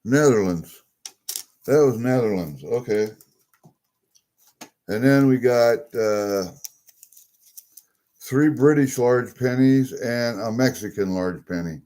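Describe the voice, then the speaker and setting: This unboxing comes in a mellow, mid-range voice that takes things slowly, with long pauses. A coin collector vlogs as he casually goes through coins from a new package, chatty, easily delighted, and muttering to himself.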